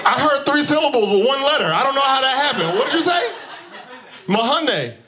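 A man performing a stand-up comedy set on a club stage, working the crowd and landing loud punchlines on a handheld mic. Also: extremely high pitch, lively intonation, quick pace. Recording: live club recording with crowd noise.

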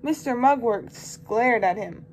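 High-voiced woman reading a picture book. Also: unhurried. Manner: expressive, lively storytelling. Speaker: volunteer reader. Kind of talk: children's book read-aloud.

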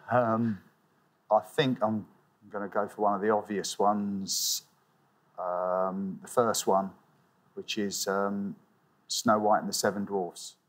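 Man, quiz contestant, low flat voice, hesitant and low-key. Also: takes it slowly, pauses often. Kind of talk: answering on a TV quiz. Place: TV studio.

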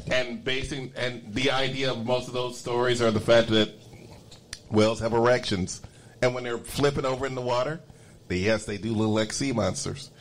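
A man hosting a podcast, chatting casually with bawdy, teasing humor and drawn-out exclamations. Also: medium pitch, fairly even intonation, a little hiss or hum. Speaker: podcast host. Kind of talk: casual chat.

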